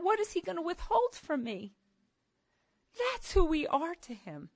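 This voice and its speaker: Animated woman preaching to women. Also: very high-pitched, unhurried, dry recording. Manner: animated and emphatic, jumping between soft asides and loud outbursts. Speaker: speaker at a women's gathering. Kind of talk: sermon.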